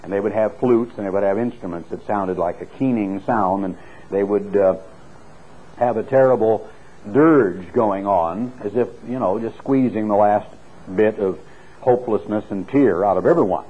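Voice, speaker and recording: A middle-aged male preacher delivers a sermon in an earnest, storytelling way, his voice lifting for emphasis. The sound is slightly husky. It comes through a thin, phone-like radio recording. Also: lowish voice, moderate pace. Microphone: clip-on microphone.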